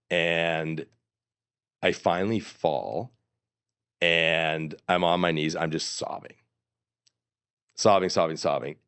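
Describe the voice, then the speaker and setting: Middle-aged male guest, deep voice, animated and rambling storyteller. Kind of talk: storytelling in an interview.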